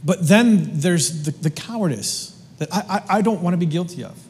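A man preaching in a loose, joking, slangy way, stumbling through restarts. His voice sits high for a man, and it rings with the long reverb of a big hall. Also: normal speed, darkish tone. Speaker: pastor. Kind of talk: sermon.

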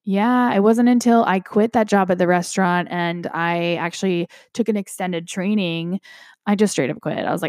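Young woman yoga teacher hosting a self-help podcast; candid, sweary, rambling delivery, low-pitched, dry close recording. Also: normal speed, darkish tone, no room sound. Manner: candid, swears freely, many restarts and fillers.

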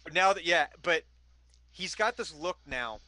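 A man running a tabletop game, narrating the scene in loose, rambling bursts with plenty of filler words. His voice sits a little high and comes across bright and forceful. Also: lively intonation, unhurried. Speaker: game master.

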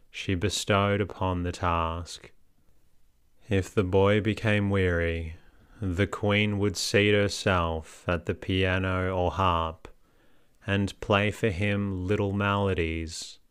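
A man narrating an audiobook in a measured, steady way. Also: deep voice, clean tone, no echo, studio quality.

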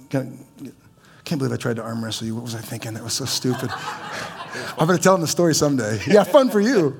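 A man's voice: mid-range voice, creaky. A man preaching as a pastor in a church, conversational, with stammering restarts and teasing humor. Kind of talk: sermon.

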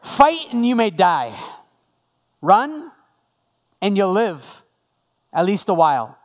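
A male pastor quoting a defiant warrior leader's rallying speech slowly and emphatically, without putting on an accent. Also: high-pitched, very animated, full character voice. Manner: slow, emphatic, no accent attempted.

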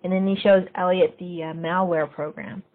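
A woman hosting a podcast, casually recapping a TV episode scene by scene and getting lively when she quotes the characters. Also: fairly low pitch, normal speed. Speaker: podcast host. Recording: phone-like narrow sound.

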